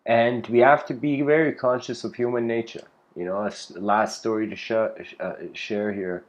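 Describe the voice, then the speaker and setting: A man's voice: lowish voice, steady tone, moderate pace, dull audio. Male speaker, easygoing lecture delivery, loose and rambling. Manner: rambling, laid-back, says "you know" constantly, laughs often. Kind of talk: casual spoken lecture.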